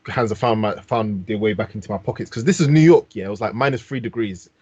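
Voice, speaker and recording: Here a fast, fairly low male voice comes across a little mellow and breathy, recorded dry. He hosts a casual podcast from London, telling animated stories full of slang in his London accent through a dull, dry mic.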